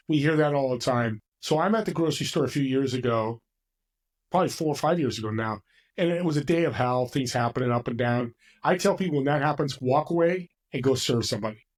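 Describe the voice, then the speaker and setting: A man, a podcast guest, chatting casually and telling stories with acted-out voices. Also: medium pitch. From California. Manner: animated storyteller, acts out voices. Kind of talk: casual conversation.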